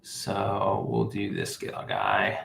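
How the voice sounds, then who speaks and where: A man's voice: on the low side, very animated, extremely slow, gravelly, fairly bright tone, reverberant, slight background noise. A man hosting a live app-building stream, thinking aloud with fillers and self-corrections as he works. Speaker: livestream host building an app. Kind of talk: casual live coding walkthrough.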